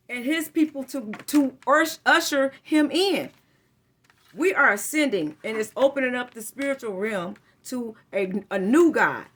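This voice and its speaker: Bright rambling woman tarot reader. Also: fairly high pitch. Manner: rambling, informal, frequent self-corrections and slang. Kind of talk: casual spiritual reading to camera.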